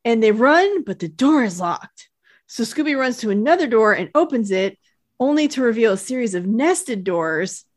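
A woman co-hosting a podcast, retelling a cartoon episode in an animated storytelling way and laughing easily. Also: on the high side, normal speed. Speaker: podcast co-host. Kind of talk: casual chat recapping a cartoon.

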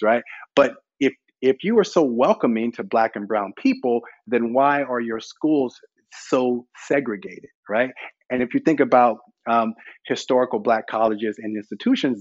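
A man from the American South speaks in a candid, emphatic way on a panel, often leaning on "you know" as he builds his point. The recording is dry and a little dull. His voice sits in a middle pitch. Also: no room sound. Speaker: panel guest. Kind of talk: conversational panel discussion.

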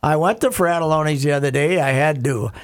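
A man's voice: fairly high pitch, a little fast. A middle-aged man hosting a radio talk show, chatting loosely and then reading ads with punchy emphasis. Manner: rambling, loud laughing bursts, punchy ad reads. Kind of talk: casual radio banter and live read ads.

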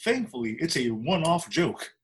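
A man in casual podcast talk about a movie, animated and exasperated, ranting with laughs. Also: fairly high pitch, normal speed. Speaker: podcast co-host.

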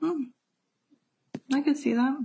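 A woman's voice: high-pitched, slow pace, mellow, slight background noise. Chatty woman co-host asking questions. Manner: chatty, asks questions, agrees readily. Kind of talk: casual podcast chat.

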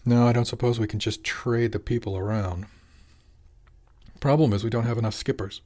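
A man's voice: medium pitch, steady tone, moderate pace, dark tone, natural voice. A man voicing a weary, conflicted young male heir to a fishing company in an audiobook.

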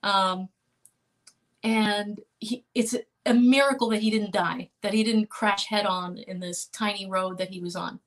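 A middle-aged woman recounting a hard personal story in an interview, earnest and halting, with restarts and small laughs. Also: medium pitch, fairly even intonation. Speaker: interview guest.

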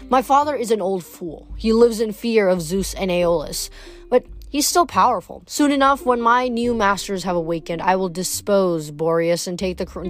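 A woman reading a book aloud, voicing a cold, scheming female snow goddess in an unhurried, purring way. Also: mid-range voice, natural voice. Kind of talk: read-aloud book narration.

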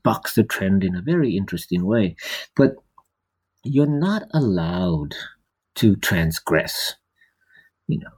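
A man speaking as a scholar in an unhurried academic talk, discursive and hesitant, with many fillers and restarts. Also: lowish voice, mellow, husky, rough recording.

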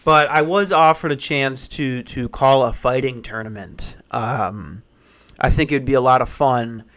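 Recording alone in a small back office, a twenty-something podcast host from western Pennsylvania rambles profanely and cracks himself up. He speaks unhurriedly at medium pitch, with a slightly bright voice.

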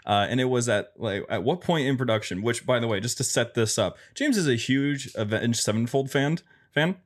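A man's voice: medium pitch, expressive, normal speed. A man hosting a podcast, asking questions in a chatty way and laughing between them. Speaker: podcast host. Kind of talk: casual interview chat.

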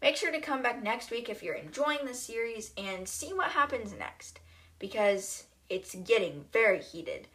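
A woman hosting a podcast, retelling a classic novel in a chatty way with wry asides. Her voice sits fairly high and sounds bright. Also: lively intonation, unhurried. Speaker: podcast host.

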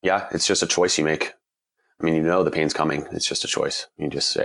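A man in his forties, an endurance cyclist, giving candid, earnest interview answers, slightly husky from a cold. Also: extremely low pitch, fairly even intonation, a little fast, fairly bright tone. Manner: earnest, candid, with frequent restarts.

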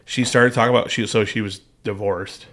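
A man's voice: fairly low pitch, fairly even intonation, brisk, fairly bright tone. A man co-hosting a casual podcast chat, retelling secondhand stories with emphatic, rambling delivery. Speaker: podcast co-host.

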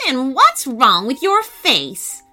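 A woman's voice: high voice, wildly swooping pitch, slow pace, pushed and bright, soft background music, voice pushed up, exaggerated voice. A woman voicing a rude, sneering old grandmother who scolds and insults her husband. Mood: scornful.

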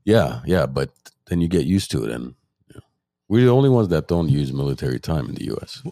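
Male co-host with a very low, swooping voice, jokey quips, dry recording. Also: big pitch swings, brisk, dark tone, dry recording. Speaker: podcast co-host. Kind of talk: casual podcast chat.

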